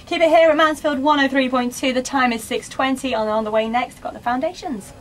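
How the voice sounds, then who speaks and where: English woman, local radio host, higher voice, smooth upbeat links, faint hiss behind. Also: a little fast. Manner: chirpy, polished presenter patter. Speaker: radio presenter. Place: radio studio.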